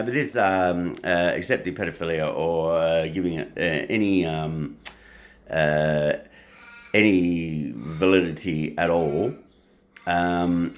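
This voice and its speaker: A man vlogging at home, rambling and crude, swearing freely between fillers. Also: low-pitched. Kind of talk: casual rambling vlog monologue. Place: home, while making breakfast.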